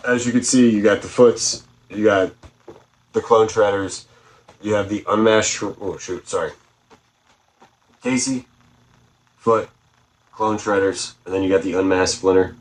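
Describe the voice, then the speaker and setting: Deep-voiced man rambling about toys. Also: slight background noise, low-quality recording. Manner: rambling, excited, self-correcting. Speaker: toy collector vlogger. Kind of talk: casual toy haul vlog.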